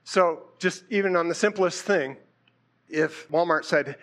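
Pastor, male, high voice, easygoing conversational sermon delivery. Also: moderate pace. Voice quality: conversational, animated preaching with rhetorical questions.

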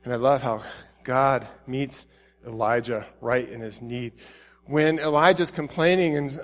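A man preaching a sermon, reading scripture and acting out biblical figures with rising pleading intensity, then dropping to soft tender tones. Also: mid-range voice, fairly even intonation, measured pace.

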